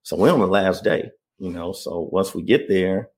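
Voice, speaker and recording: A man's voice: low-pitched, moderate pace, a little mellow. A man as an interview guest, earnestly telling a personal story and often checking that the listener follows. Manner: earnest, keeps asking "you know what I mean?".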